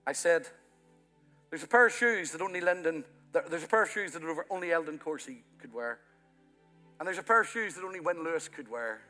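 A man from Ireland, the pastor of the church, preaching a sermon that swells loud in places and then falls to a quiet, intimate tone. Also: a little high, lively intonation, brisk. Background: soft music from the church band.

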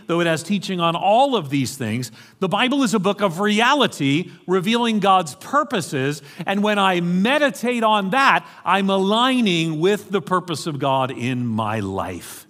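A middle-aged pastor from New York City with a New York accent, preaching an animated sermon with joking asides to his congregation. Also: high voice. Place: church hall. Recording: reverberant church hall.

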